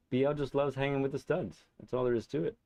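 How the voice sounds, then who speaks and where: A man's voice: mid-range voice, no room sound. Laid-back man chatting on a live stream. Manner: relaxed and rambling, with many fillers and chuckles. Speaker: streamer hosting a live racing game stream. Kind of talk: casual live-stream chat with viewers.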